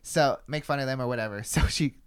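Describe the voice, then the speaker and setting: A man's voice: medium pitch, quick pace, clean tone. A young man hosting a podcast, telling a story in casual chat, rambling, swearing freely and filling with "like". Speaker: podcast host.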